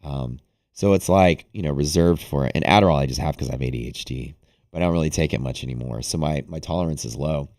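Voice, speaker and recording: A man with a rumbling low, slightly mellow voice talks fast as host of a day-trading livestream. His casual banter rambles, swears, and repeatedly backs up to start again.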